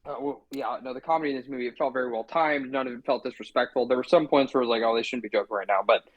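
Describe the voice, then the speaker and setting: A man's voice: medium pitch, dull audio. A man co-hosting a podcast, chatting easily about a movie and chiming in with agreement. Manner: relaxed, agreeable, quick to jump in. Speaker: podcast co-host. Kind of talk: casual movie review chat.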